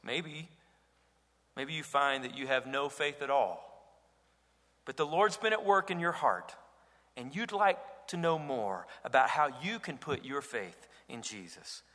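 A man's voice: medium pitch, expressive, unhurried, a bit bright. A man preaching a sermon as pastor, earnest and rising to emphatic cries. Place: church sanctuary. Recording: reverberant hall.

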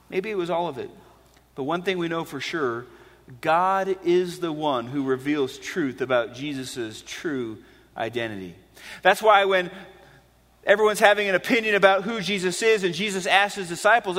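A man preaching a sermon earnestly, dropping to hushed low phrases and rising to emphatic declarations. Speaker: pastor. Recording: long hall reverb.

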